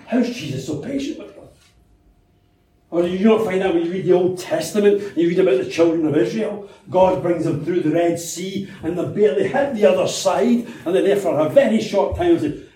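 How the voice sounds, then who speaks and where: A man with a high, dark-toned voice preaches quickly in a church, keeping the sermon conversational with rhetorical questions and anecdotes. The very echoey hall is captured from a distance.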